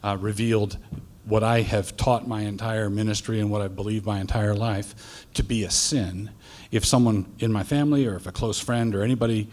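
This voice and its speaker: Low-voiced pastor answering carefully. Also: male voice, fairly even intonation, darkish tone. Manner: deliberate, halting, with fillers. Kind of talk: measured debate answer.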